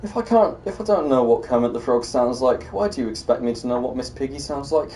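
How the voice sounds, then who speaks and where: A man's voice: medium pitch, lively intonation, fast talker, dark tone, far from the mic, slight background noise. A young British man giving casual, sardonic commentary while streaming a game, muttering to himself and breaking into exasperated rants.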